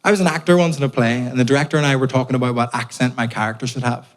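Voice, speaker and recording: A man's voice: mid-range voice, steady tone, very fast. A young Irish man performing a stand-up comedy set, telling stories with punchy asides and swearing. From Ireland. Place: theatre stage before a live audience.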